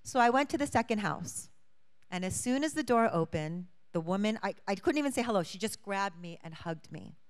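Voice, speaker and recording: A young woman from Hawaii speaks to a congregation in a clear, resonant voice at an ordinary pitch. She tells her story earnestly, often acting out the voices of the people she quotes. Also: expressive, a little fast. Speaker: church guest speaker, state lawmaker. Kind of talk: testimony talk to a congregation.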